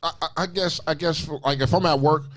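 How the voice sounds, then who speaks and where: New york guy co-hosting, talks real fast, cussing, restarting all the time. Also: on the high side. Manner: profane, animated storytelling with many restarts. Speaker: co-host. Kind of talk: casual podcast chat.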